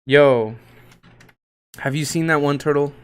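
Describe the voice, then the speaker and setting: A man with a slightly higher-than-average voice runs a casual livestream, rattling off market figures. He's loose and slangy, swearing freely and breaking into hype shouts as he reads the tickers. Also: measured pace, clean tone. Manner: loose, joking, profane, slangy; hype shouts and laughs while reading tickers. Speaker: crypto livestream host.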